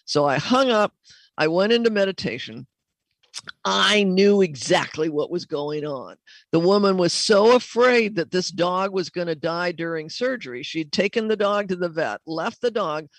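A woman's voice: fairly low pitch, expressive, normal speed, no echo. A middle-aged woman hosting a talk show about communicating with animals, telling a long story with many fillers and restarts.

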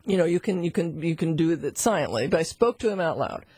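A middle-aged woman tells a story as a lesson in a chatty, animated way, often turning to the listener. Her voice is husky, and the sound is close and dry. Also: sits low, fast, no room sound. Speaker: animal communication teacher.

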